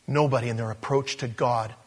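A man preaching a sermon in an animated storytelling style, acting out the scenes he tells. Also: medium pitch, a little fast, breathy edge, long reverb tail.

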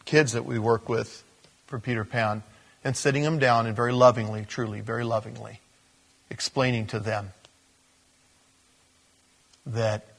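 A man preaching a sermon, telling a story that jumps between hushed asides and loud, emphatic high points. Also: gravelly. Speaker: pastor.

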